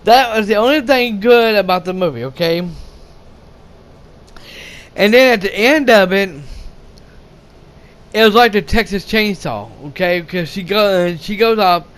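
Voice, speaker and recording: A young man with a high, clear, resonant voice delivers a rambling movie rant a little slowly, pausing often. As a reviewer he swears frequently, stumbles and restarts, laughs, and bellows quoted lines.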